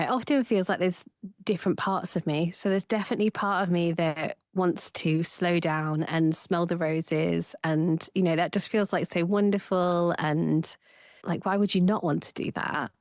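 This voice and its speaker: A woman, a therapist co-hosting a casual podcast chat and lively acting out her own inner voice. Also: fairly low pitch, no room sound, clean studio sound.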